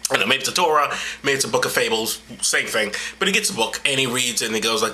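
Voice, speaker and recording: A man's voice: mid-range voice, expressive, quick pace, few pauses, sharp tone. A man hosting a show who retells stories in an irreverent, rambling, profane satirical style. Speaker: comedic show host.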